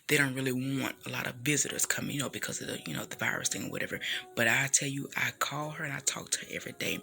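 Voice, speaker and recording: A woman's voice: deep voice, gravelly, sharp tone. A woman in her thirties giving an earnest, emotional personal testimony, full of "you know" asides. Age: 30s. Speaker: speaker sharing a personal testimony.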